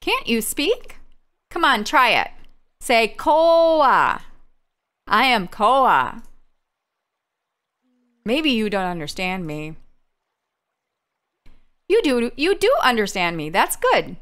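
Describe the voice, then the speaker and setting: A woman's voice: on the high side, sing-song, slow, pauses often, heavily acted. A woman reading a kind island girl. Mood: gentle, coaxing. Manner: gentle and coaxing, reading dialogue aloud. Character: kind young island girl talking to a creature. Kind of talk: reading game dialogue aloud.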